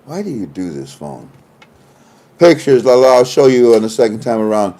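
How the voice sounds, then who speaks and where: Man with a mellow voice, chuckling commentary. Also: mid-range voice, very animated, normal speed, a little hiss or hum. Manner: chuckling asides, trails off and restarts. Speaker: online commentator. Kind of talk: casual livestream commentary reading reports. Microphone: phone.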